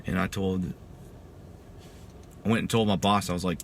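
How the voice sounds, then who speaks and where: A man's voice: low voice, steady tone, normal speed, gravelly, slight background noise. A man in his thirties, a military veteran, telling his story in a casual, emphatic way and saying "dude" often. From Texas. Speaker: veteran giving a testimony. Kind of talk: personal storytelling.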